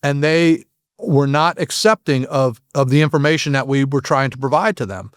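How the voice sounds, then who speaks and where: In a podcast interview, a former FBI agent with a medium-pitched, clear and resonant voice tells his stories frankly. He often stops and restarts his sentences, and the clean studio recording has no echo.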